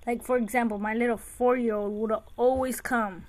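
Chatty mom telling family stories. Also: female voice, fairly high pitch, fairly even intonation, moderate pace, a little mellow. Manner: chatty, anecdotal storytelling. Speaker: podcast host and mother. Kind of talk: casual chat.

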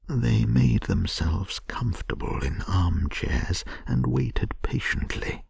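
Man whispering a bedtime story, gravelly. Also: lowish voice, expressive, takes it slowly, few pauses, no echo, clean studio sound. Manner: soft, soothing whisper.

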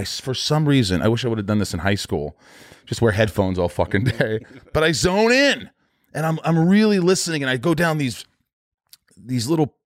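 A male actor on a podcast, chatting openly and poking fun at himself. His voice sits at a middle pitch and is recorded dry and close. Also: no echo. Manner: candid, chatty, self-deprecating. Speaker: actor and podcast host guest. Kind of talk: casual chat.

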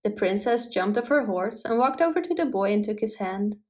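A woman's voice: mid-range voice, lively intonation, normal speed, a little mellow. Woman reading a fairy tale aloud. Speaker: storyteller.

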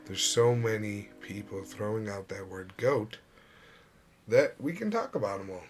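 Laid-back low-voiced male co-host. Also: lively intonation, a little slow, soft background music. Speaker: podcast co-host. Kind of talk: casual sports chat.

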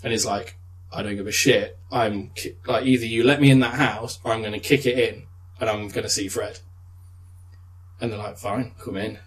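A young man chatting casually, retelling a film with lively swearing and laughter. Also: fairly low pitch, moderate pace, low-quality recording. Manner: animated storytelling with swearing and laughs. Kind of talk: casual chat.

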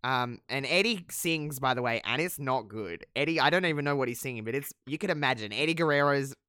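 A man's voice: medium pitch, animated, fairly quick, sharp tone, clean tone, dry recording, studio quality. A man casually recapping a wrestling show as a podcast co-host, chatty and profane, with lots of fillers. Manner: chatty, profane, many fillers, laughs at own jokes. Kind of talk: casual chat.

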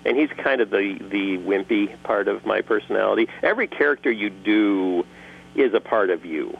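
A man answering interview questions in a casual, joking way, lively and quick to slip into voices. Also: fairly low pitch, creaky, breathy edge, narrow, tinny audio. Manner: animated, jokey, slips into character voices. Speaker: guest voice actor and creator.

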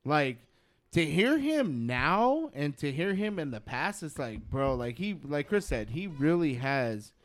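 A man's voice: fairly high pitch, big pitch swings, a little slow. A young man co-hosting a casual podcast, telling a story in a laid-back, slangy way. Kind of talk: casual chat.

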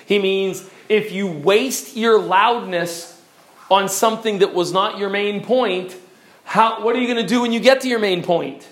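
Man, high voice, middle-aged, preaching instructor, demonstrative lecture. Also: measured pace. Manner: demonstrative, mimics examples, varies loudness for effect.

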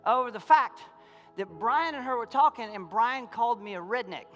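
A man pastor preaching a sermon in a church, folksy, calling out to his congregation, swinging from loud fervor to quiet intensity. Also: very high voice, lively intonation, normal speed, highs cut off, faint music behind. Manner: impassioned, rising to shouts and dropping to quiet. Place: church sanctuary.

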